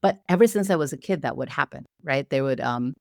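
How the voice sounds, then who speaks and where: Low-voiced woman telling lively stories. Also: fairly quick, vocal fry, no echo, studio quality. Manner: lively storyteller who acts out quoted voices. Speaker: podcast guest. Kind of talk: casual storytelling chat.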